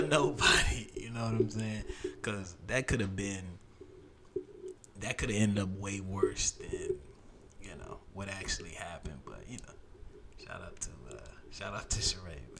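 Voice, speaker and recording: A young man hosting a podcast, telling a story in animated, slang-filled casual chat and swearing freely. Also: on the low side. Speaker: podcast host.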